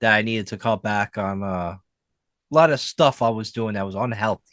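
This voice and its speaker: Rambling, animated podcast co-host man. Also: lowish voice, normal speed, dry recording. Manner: rambling, lots of fillers, animated storytelling. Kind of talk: casual chat.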